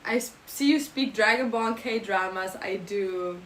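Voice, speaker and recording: A woman's voice: mid-range voice, unhurried, slight background noise, rough recording. A young woman streamer with a German accent, chatting playfully and reading out her live chat. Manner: playful, jokey, switching into silly mock phrases.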